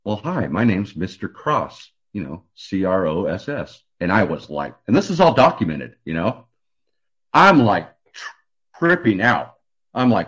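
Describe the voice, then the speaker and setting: A man telling his personal testimony as a radio guest, in an earnest, halting way with many restarts. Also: sits low, very animated, husky, highs cut off.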